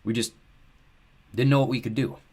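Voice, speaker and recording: A man's voice: medium pitch, steady tone, moderate pace, warm tone, husky, pitched above the performer's own voice, lightly acted. A man reading an audiobook, voicing a worried, apologetic grown man. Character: anxious middle-aged male family friend.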